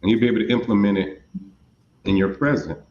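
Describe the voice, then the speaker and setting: A man's voice: lowish voice, fast, a little mellow, reverberant, highs cut off. A man talking in a rambling, philosophical way as a guest in a casual conversation. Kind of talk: casual reflective chat.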